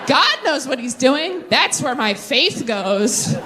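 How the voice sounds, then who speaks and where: A young woman doing a stand-up set with crowd work, chatty and animated, drifting into tangents and catching herself. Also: high voice, slow, background noise. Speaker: stand-up comedian. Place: comedy stage before a live audience. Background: audience laughter.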